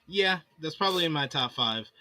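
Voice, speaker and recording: Man co-host, high bright voice, wry and sarcastic, casual chat. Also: animated, brisk, dry recording. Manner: wry, sarcastic, laughs often. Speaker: podcast co-host. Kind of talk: casual wrestling preview chat.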